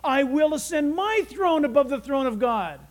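A man's voice: very high-pitched, lively intonation, normal speed. A man voicing a gloating male Satan who craves worship, boastful and relishing every word.

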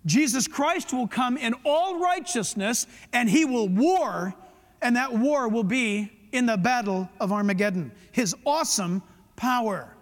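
A middle-aged man preaching a sermon as pastor, emphatic, with quick asides to the congregation. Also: very high-pitched, animated. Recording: long hall reverb.

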